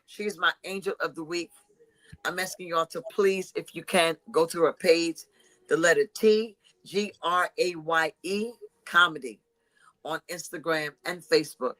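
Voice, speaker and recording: Woman host, comedy chat; bright, sharp tone, loud, laughing, playfully crude. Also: lowish voice, moderate pace, poor audio. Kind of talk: casual raunchy comedy chat.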